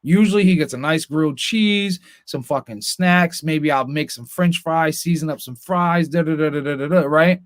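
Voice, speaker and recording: A man's voice: a little high, moderate pace, hardly any pauses, no echo, clean studio sound. A young man hosting a podcast, telling a long story as a profane, ranting storyteller in casual chat. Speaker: podcast host.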